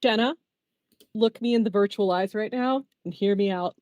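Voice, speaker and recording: A woman chatting casually as a tabletop game player, excitable and quick to apologize for getting carried away. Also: mid-range voice, dull audio, a little hiss or hum. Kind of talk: casual chat.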